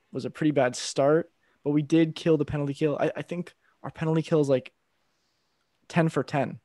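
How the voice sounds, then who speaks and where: Casting note: tired young-sounding male podcast co-host, mid pitch, dry close sound, easygoing chat. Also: dry recording. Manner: relaxed, reads a sponsor spot. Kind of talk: casual hockey podcast chat.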